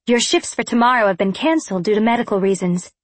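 A woman voicing a brisk, businesslike adult witch who talks in a cool, matter-of-fact way. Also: mid-range voice, animated, no room sound, close to an everyday voice.

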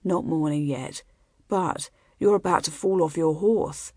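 A protective warrior prince, voiced by a woman narrator, speaks low and steady, reassuring rather than harsh. The sound is dry and close, with no room around it. An audiobook figure with a level, guarding temper. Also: unhurried, slightly rough, no echo.

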